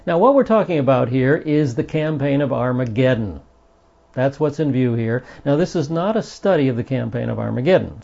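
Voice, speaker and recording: A man's voice: medium pitch, gravelly, dark tone. A man giving a Bible study lesson in an earnest, emphatic way, stressing the passages he reads aloud. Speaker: Bible teacher. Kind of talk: recorded Bible study teaching. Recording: dull lo-fi recording.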